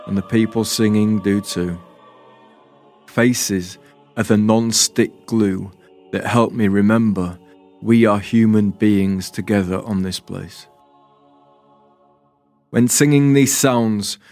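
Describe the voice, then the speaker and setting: A man tells a poetic spoken-word story, calm and deliberate with a wistful tone. He speaks very slowly in a lowish voice. Faint music plays underneath. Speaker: writer and performer, narrator.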